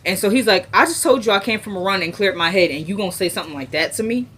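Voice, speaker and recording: A woman's voice: mid-range voice, fast talker, fairly bright tone, a little hiss or hum. Lady retelling a tv episode, quoting everybody in a chatty way. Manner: retells scenes, acting out quoted lines. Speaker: TV episode recapper. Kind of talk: casual episode recap.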